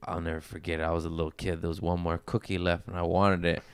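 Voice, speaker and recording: A man telling crude family stories in a casual podcast chat, loud and animated, with squealing voices for his relatives. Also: low voice, fast talker, clear, resonant tone, no echo. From Mexican-American family. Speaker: podcast guest.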